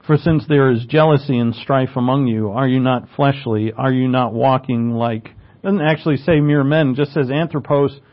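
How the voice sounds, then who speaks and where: A man's voice: medium pitch, fairly even intonation, moderate pace. Man preaching a teaching sermon, lo-fi. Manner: teaching, explains Greek words, asks rhetorical questions. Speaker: pastor.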